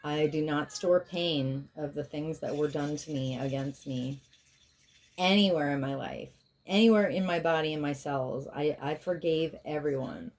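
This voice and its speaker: A tarot reader and spiritual healer gives a reading in a chatty, wandering manner, full of side remarks, then slips into intense stretches of chanted, repeated affirmations. Her voice sits low, a little mellow, and unhurried.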